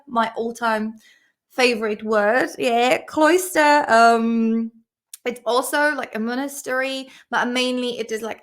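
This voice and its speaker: A woman's voice: on the high side, a bit bright. Chatty, giggly woman tutor. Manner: chatty, giggly, casual swearing, lots of "like". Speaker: English vocabulary tutor, channel host. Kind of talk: casual study-with-me vocabulary review.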